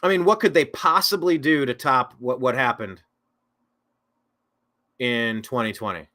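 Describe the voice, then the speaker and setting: A man's voice: mid-range voice, measured pace, pushed and bright. A man hosting a political talk show, reading viewer comments aloud and rambling through casual commentary with sarcastic, self-correcting asides.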